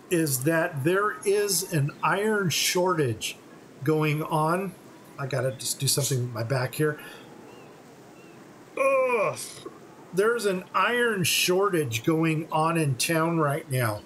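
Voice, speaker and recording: A man giving relaxed, step-by-step commentary on a game playthrough. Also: a little high, slight background noise, poor audio. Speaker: gaming channel host.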